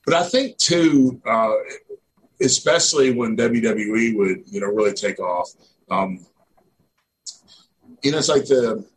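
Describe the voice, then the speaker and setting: A man's voice: mid-range voice, unhurried, pauses often, a little hiss or hum, rough recording. A middle-aged man from Missouri, a former wrestler, telling stories casually in an interview with lots of fillers. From Northeast Missouri, USA. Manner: rambling, heavy on fillers like "you know" and "man". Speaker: guest, former pro wrestler.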